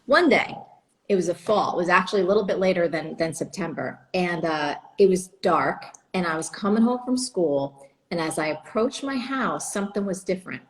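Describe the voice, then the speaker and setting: A woman from New Jersey, a guest telling an animated story on a live video call and acting out the quoted lines. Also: fairly low pitch, normal speed, poor audio. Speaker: guest entrepreneur.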